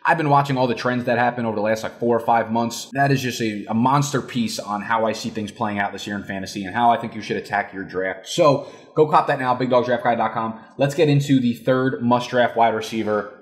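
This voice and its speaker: A young man from New Jersey breaks down fantasy football picks in a loud, emphatic rant. He swears freely and yells to make his points. His voice sits in an ordinary middle pitch. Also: fairly quick. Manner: loud, emphatic, profane, yelling. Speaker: fantasy football analyst host. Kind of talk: casual ranting analysis.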